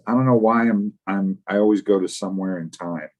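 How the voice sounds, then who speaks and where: Middle-aged male co-host, easygoing live chat, lowish voice, trips over his own words. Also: a little fast, darkish tone, highs cut off. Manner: rambling, repeats words when starting sentences. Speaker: podcast co-host.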